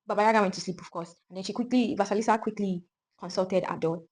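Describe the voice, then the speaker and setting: A woman retelling a folk tale in a lively, conversational way, with asides to the listener. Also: medium pitch, quick pace, slight background noise, poor audio. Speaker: storyteller. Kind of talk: casual storytelling.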